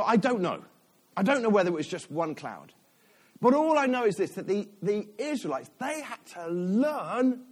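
A middle-aged man preaching a sermon, chatty and animated, often breaking off into restarts and laughs. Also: sits high, breathy edge.

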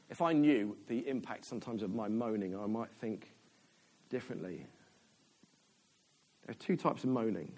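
A man's voice: mid-range voice, darkish tone. A man, a church elder, giving a chatty, self-deprecating sermon in a church.

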